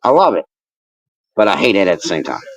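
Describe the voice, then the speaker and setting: A man's voice: sits low, brisk, a crowd in the background, low-quality recording. A man who is a wrestling manager and referee, talking as a guest in a casual interview, ranting and teasing with constant swearing. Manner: animated, swearing, teasing ranter. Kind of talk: casual profane interview chat.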